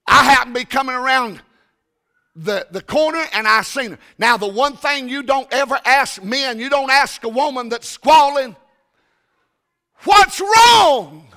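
An older man preaches a folksy, storytelling sermon. His voice is high-pitched, bright and gravelly, and it often rises into shouts. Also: moderate pace.

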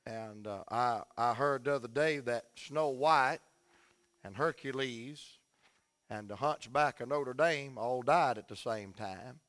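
A man's voice: mid-range voice, takes it slowly, a bit bright. Man, middle-aged, visiting preacher, folksy, joking, storytelling. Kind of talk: humorous sermon opening.

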